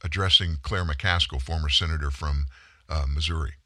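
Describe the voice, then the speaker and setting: A man's voice: rumbling low, steady tone, normal speed, a bit bright, no room sound, studio quality. A man giving a political commentary monologue, emphatic and sarcastic, full of rhetorical questions.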